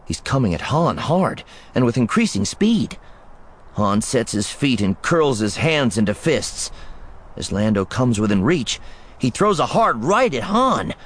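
Expressive male storybook narrator. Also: mid-range voice, unhurried. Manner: expressive, playful, vivid. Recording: background music under the voice.

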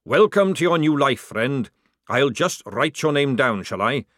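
A flustered male sergeant who stammers, hedges and flatters, his voice pitched up and pushed loud , as a man puts him on in a storybook reading. He swings between quick fawning and hasty backpedalling, heard up close with no room sound. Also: dry recording. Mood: nervous.

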